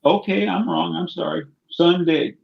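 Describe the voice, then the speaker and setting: A man's voice: fairly high pitch, unhurried, gravelly, lo-fi sound. A man joking around good-naturedly on a casual live stream.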